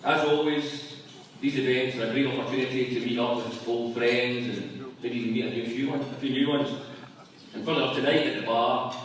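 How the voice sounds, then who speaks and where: A man giving a comic after-dinner speech at a company event, telling jokes in a dry, deadpan manner. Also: mid-range voice. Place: large function room at a company event. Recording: echoey hall from far off with room noise.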